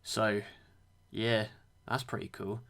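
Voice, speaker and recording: A man's voice: on the low side, level tone, slow pace, vocal fry, a bit bright. Chatty, eager male podcast host. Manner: chatty, eager, thinks aloud. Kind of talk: casual chat.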